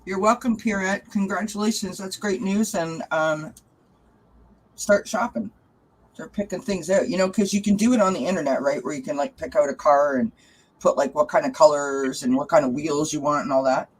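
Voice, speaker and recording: A chatty woman hosts a live tarot reading stream, casually greeting viewers, laughing often, and cooing to her cat. Her voice is low and husky at a normal speed, and the audio is poor.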